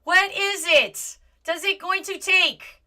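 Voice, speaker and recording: A woman hosting a live commentary stream from a home setup, animated and exasperated, often apologizing and at times close to yelling. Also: very high-pitched, slow. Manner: rises to near yelling at times. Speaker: livestream host. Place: home setup with green screen.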